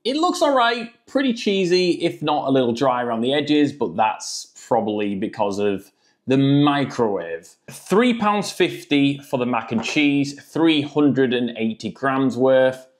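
A man's voice: mid-range voice, sing-song, unhurried. Jokey guy reviewing food. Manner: jokey, chatty. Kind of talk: casual vlog food review.

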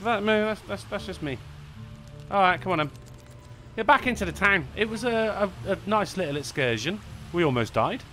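A man's voice: high voice, expressive, moderate pace, fairly bright tone, soft background music. A man streaming a video game, rambling, swearing and mocking himself as he plays. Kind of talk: let's play commentary.

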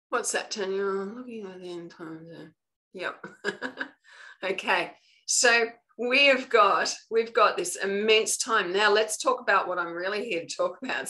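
A woman with an Australian accent giving a live online spiritual lesson. She coaches earnestly and keeps checking in with her listeners with a quick "okay". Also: medium pitch, a bit bright, poor audio. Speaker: spiritual teacher.

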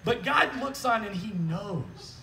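Lively, high-voiced man preaching outdoors. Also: slow, distant mic, slight background noise, rough recording. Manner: animated, joking, repeats "right?". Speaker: pastor. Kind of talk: conversational sermon. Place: outdoor church service.

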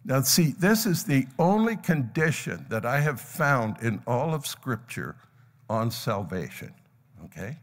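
An older pastor's mid-range voice moves in a sing-song way, a little slow, as he tells a parable and acts out its characters. His sermon echoes with the long reverb of the church sanctuary, with a live congregation present.

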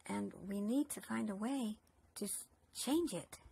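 A woman's voice: medium pitch, measured pace, creaky, dark tone, breathy edge. A woman narrating a children's puppet story, coaxing and talking straight to the boys and girls.

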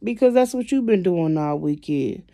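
A woman vlogger venting to her viewers, emotional and swinging between quiet and loud, constantly addressing them directly. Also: lowish voice, animated, normal speed, creaky, dry recording, clean studio sound. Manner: emotional, repeats "y'all" constantly. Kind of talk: venting to camera.

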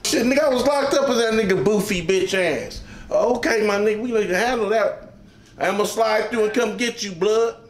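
A man's voice: high-pitched, normal speed, reverberant, close to an everyday voice. A man playing a brash, swaggering tough guy in a comedy skit.

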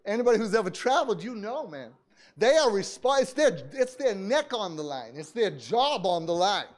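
A man, a pastor, telling a story in a sermon, dropping to hushed asides, shouting prayers and laughing often. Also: high-pitched, big pitch swings, normal speed. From United States. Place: church service.

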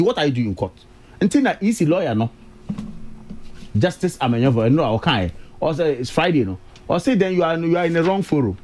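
A man's voice: a little high, big pitch swings, quick pace. A Ghanaian man on a radio discussion panel, talking emphatically and repeating key words for stress.

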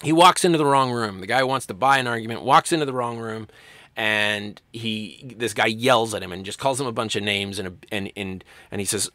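A man teaching a college writing class in a recorded lecture, conversational and animated, acting out quoted lines along the way. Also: lowish voice, brisk, no room sound.

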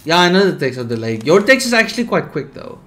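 A man's voice: on the high side, quick pace. Tired young man streaming a game. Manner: tired, yawning, laid-back with bursts of excitement. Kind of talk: casual gameplay commentary, reading game text aloud.

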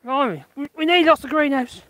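A vlogger builds a greenhouse in a windy garden, chatting casually, muttering to themself, swearing and laughing. The voice sits high and sounds brisk, pushed and bright, with no room sound.

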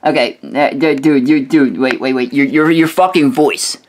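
A man's voice: mid-range voice, moderate pace, slight background noise. A man delivering a profane, insulting rant as a video host, swearing constantly and stumbling over repeated restarts. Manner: aggressive, swearing, repetitive stammering restarts. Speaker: video host roasting another creator.

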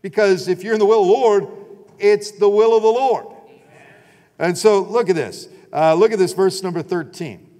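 A man's voice: high voice, moderate pace, mellow. A man preaching a sermon as pastor, emphatic, often repeating phrases and calling on the congregation to answer. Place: church sanctuary. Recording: long reverb of a church hall.

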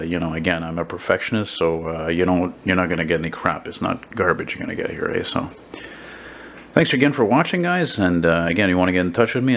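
A man's voice: low voice, vocal fry, a little hiss or hum, poor audio. A man, chatting in a rambling, filler-heavy way as he talks to a handheld camera in his studio. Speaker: painter vlogger. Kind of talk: casual handheld vlog chat. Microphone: handheld camera mic.

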